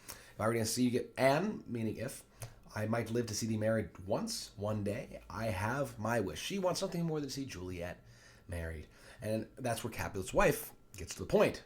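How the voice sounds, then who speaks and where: A man's voice: lowish voice, expressive, fairly quick. A man teaching a play line by line, reading quoted lines in raised voices and then explaining them plainly.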